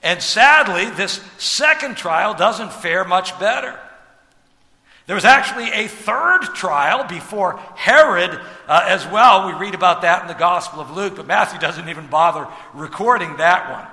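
A man preaching a sermon as pastor, animated, with rhetorical asides and sudden drops to a hush. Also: sits high, a little slow, in a large hall.

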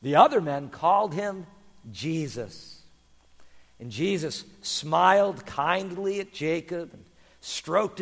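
A man reading a children's story aloud in an expressive, animated way. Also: sits high, gravelly, long reverb tail.

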